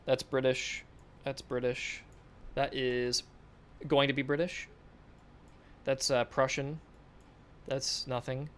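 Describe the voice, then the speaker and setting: A man's voice: mid-range voice, little pitch movement, takes it slowly, long pauses, a bit bright, clear, resonant tone. A man on a dev livestream giving casual, mumbled feedback on artwork, repeating short approvals. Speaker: game developer streaming.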